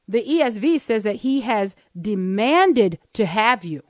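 A woman co-hosting a Christian talk show, earnestly teaching from the Bible and slowing down to read verses aloud. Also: fairly high pitch, lively intonation, no room sound, clean studio sound. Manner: earnest, explains step by step, slows down to read verses.

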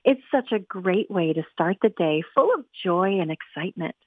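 A woman voicing a contented, cheerful mother in a soft, gentle tone, over a dry, tinny radio sound. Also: on the low side, expressive, normal speed, breathy edge, no room sound.

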